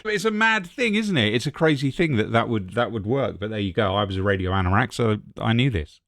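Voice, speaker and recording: A middle-aged man talks casually in a podcast interview, his voice sitting fairly low. He rambles through anecdotes and laughs easily. The sound is dry and close. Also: lively intonation, brisk, a bit bright, dry recording. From England (Ipswich, Suffolk). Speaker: radio presenter guest.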